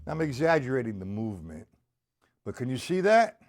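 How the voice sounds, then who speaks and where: In a medium-pitched voice with big pitch swings, a drum teacher talks briskly over soft background music during a live stream. He explains each step and speaks directly to viewers by name, staying blunt and informal with the odd curse.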